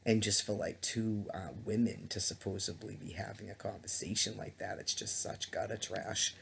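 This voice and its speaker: A man's voice: lowish voice, flat delivery, normal speed, gravelly, fairly bright tone, a little hiss or hum. A man giving a rambling, indignant webcam monologue, full of ums, stutters and restarts, on a laptop webcam mic. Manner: hesitant, many ums and restarts; disgusted, indignant. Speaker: vlogger.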